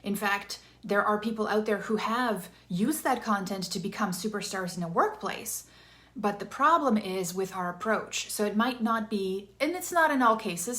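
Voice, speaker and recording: Upbeat chatty woman coaching on a livestream. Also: mid-range voice. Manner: upbeat, chatty, energetic with bursts of enthusiasm. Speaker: interactive storytelling coach. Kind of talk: live-streamed coaching talk. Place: room with some echo.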